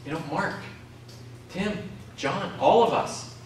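A man's voice: sits high, takes it slowly, a little hiss or hum. A man preaching a sermon, calling out questions to the congregation. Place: community centre hall. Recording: echoey hall from far off.

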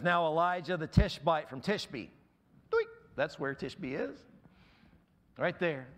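Pastor, male, slightly high voice, emphatic pulpit delivery, hoarse. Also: a bit bright. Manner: emphatic preaching, rising sharply on key words. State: losing his voice. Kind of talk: sermon. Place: church.

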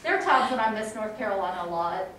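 A woman teaching a music education class in a casual, animated way, now and then singing short rhymes. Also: mid-range voice, fast talker, a little hiss or hum. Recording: echoey room, mic from a distance.

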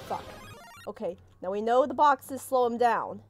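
A young woman with a fairly high voice talks through a scary chase game, gasping, pleading and swearing in bursts. Between frights she mutters to herself and jokes. Soft game music plays underneath. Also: lively intonation, unhurried. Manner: panicked, swearing, yelping at the chaser. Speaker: gaming streamer. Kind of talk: let's play commentary. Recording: faint game music behind.

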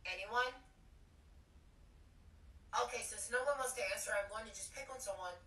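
A man's voice: high voice, bright, forceful tone, pitched above the performer's own voice. A man voicing an impatient female English teacher running an online class. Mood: coaxing. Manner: brisk, calling roll on an online class. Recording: echoey room, voice from far off.

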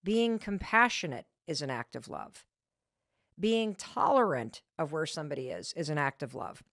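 A woman hosting a motivational podcast, telling a story about herself in an animated, candid way. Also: low voice, moderate pace, no echo, clean studio sound. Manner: animated storytelling with frank candor. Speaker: podcast host.

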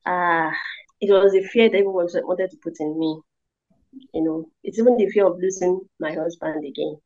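A woman telling her testimony in an interview, animated and acting out the voices of the people she quotes. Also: on the low side, moderate pace. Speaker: interview guest. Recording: dull lo-fi audio.

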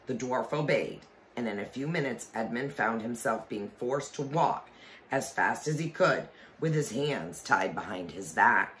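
A man reading a children's storybook aloud with expression, pausing to explain the story to listeners. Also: mid-range voice, animated, fairly bright tone. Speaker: reader.

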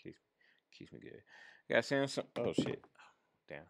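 A man's voice: medium pitch, expressive, unhurried, creaky, no room sound. A man from Michigan hosting his stream, telling a story from his life in a casual, profane, laid-back way. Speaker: streamer host.

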